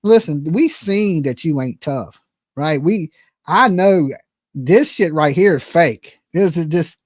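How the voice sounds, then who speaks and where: A man's voice: fairly high pitch, animated, slow, dry recording, studio quality. A man hosting a live commentary stream, ranting bluntly and profanely at the people he talks about. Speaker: livestream commentary host.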